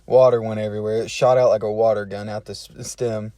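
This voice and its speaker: A man's voice: on the low side, little pitch movement, fast talker, mellow, no room sound, studio quality. A man telling a funny personal story in a laid-back, slangy way, chuckling between phrases. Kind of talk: casual storytelling.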